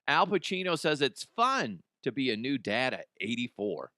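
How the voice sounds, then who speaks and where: Sing-song and pushed, with a bright edge, this medium-pitched host moves at a normal speed. He casually and bluntly rambles through news headlines on his comedy show, swearing, frequently restarting and cracking himself up. The studio sound is clean with no echo.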